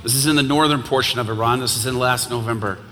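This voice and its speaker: A man's voice: medium pitch, fairly even intonation, fast. A man preaching as a guest speaker in a church, telling stories and building to impassioned calls to action. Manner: impassioned, builds to loud exhortation. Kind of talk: sermon with storytelling. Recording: long hall reverb, faint noise.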